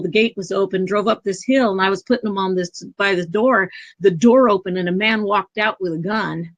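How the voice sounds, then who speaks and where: A middle-aged woman guest speaking earnestly about prayer and intention, telling personal stories in a lively way over a video call. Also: mid-range voice. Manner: earnest, animated storytelling with lively quoted voices. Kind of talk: casual storytelling interview. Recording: dull lo-fi call audio.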